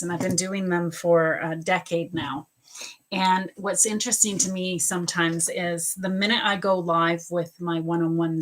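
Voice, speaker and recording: A woman's voice: lowish voice, a bit bright. Chatty woman reading for live viewers. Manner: chatty, repeats and restarts, greets viewers by name. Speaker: psychic reader on a livestream. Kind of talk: live-stream reading, casual chat with viewers.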